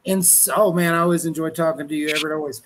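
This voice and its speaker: A man's voice: fairly high pitch, fairly even intonation, very fast, noisy background. A middle-aged man from Colorado, a wrestling journalist, chatting on a podcast in a rambling, folksy, profane way. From Colorado, USA. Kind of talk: casual podcast chat.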